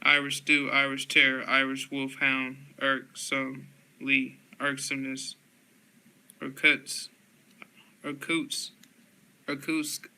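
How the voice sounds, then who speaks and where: Man reading word lists in a flat drone. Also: medium pitch, takes it slowly, long pauses, clear, resonant tone. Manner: flat word-by-word listing with stumbles. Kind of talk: reading dictionary entries aloud.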